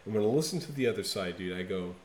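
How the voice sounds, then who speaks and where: A man in casual podcast chat, talking emphatically and with a lot of swearing, swinging from loud bursts to low, quiet stretches. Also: expressive, quick pace, roomy sound, slight background noise. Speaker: podcast co-host. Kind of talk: casual chat reviewing an album.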